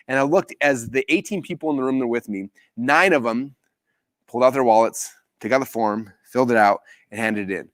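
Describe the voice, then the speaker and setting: A man hosting a live business training, telling a story with animated acted-out quotes. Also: quick pace, no room sound, clean studio sound. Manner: animated storytelling, acts out quotes with big pitch jumps.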